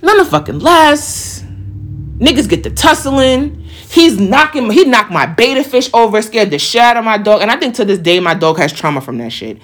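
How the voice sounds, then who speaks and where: Speaking a little high at a normal speed, a young woman recounts a story in a casual, foul-mouthed, lively way. She mimics how each person in it sounded.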